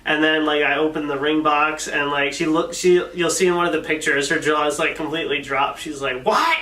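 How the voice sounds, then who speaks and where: A man's voice: a little high, a little fast, few pauses, far from the mic. Man eagerly retelling a story in an echoey room. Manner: animated retelling with acted quotes. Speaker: vlogger telling the proposal story. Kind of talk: casual storytelling. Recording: echoey room, camera mic from afar.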